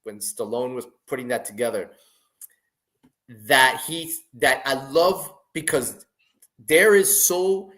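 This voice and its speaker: A man in casual chat who talks haltingly with lots of restarts, sounding enthusiastic. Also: medium pitch, a bit bright.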